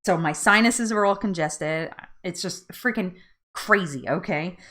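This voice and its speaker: A woman's voice: on the low side, a little slow, a bit bright. A woman hosting a live weight loss chat, telling a story casually, laughing often and acting out her own pleas.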